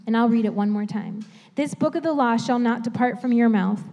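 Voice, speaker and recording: Female preacher, measured scripture reading, bright-pitched, long church reverb. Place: church sanctuary.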